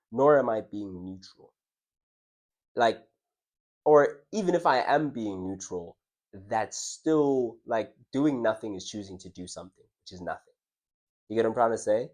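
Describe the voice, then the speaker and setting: A man's voice: on the low side, darkish tone. A young man casually telling a personal story to his audience, reflective and conversational, often restarting his words and laughing. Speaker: vlogger.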